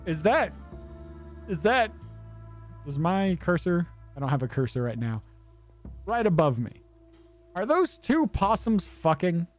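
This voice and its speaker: Guy streaming a game, slow easy talk, jokey, bit higher voice. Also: very animated, faint music behind. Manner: joking, self-mocking asides. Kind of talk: casual commentary over gameplay.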